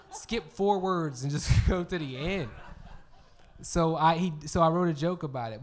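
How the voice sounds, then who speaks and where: A stand-up comedian, a man with a fairly high voice, talks as a guest on a live comedy stage. He tells stories about his family in a loose, laughing way. He acts out what people said and swears freely. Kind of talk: casual storytelling chat.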